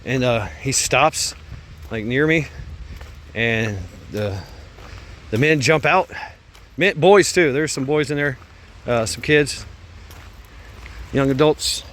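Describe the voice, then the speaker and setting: A man's voice: medium pitch, slow pace, pauses often, a bit bright, a little hiss or hum. A man telling a casual story, rambling and swearing, with lots of fillers, restarts and frequent laughs. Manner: laughs often while telling.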